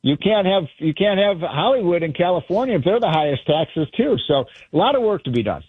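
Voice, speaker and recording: A fired-up man is phoned in as a radio guest, and the line is thin and tinny with no room around it. His voice runs a little high and husky. He talks in an animated way and tells stories. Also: brisk, no room sound. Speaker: guest commentator.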